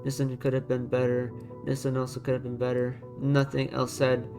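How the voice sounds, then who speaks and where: A man's voice: medium pitch, completely flat delivery, moderate pace, a little mellow, faint music behind. Blunt, muttering man ranking designs. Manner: blunt, repetitive, thinks aloud while dragging items; keeps his voice down to avoid overloading the mic. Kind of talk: casual screen-recorded commentary. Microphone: desk microphone.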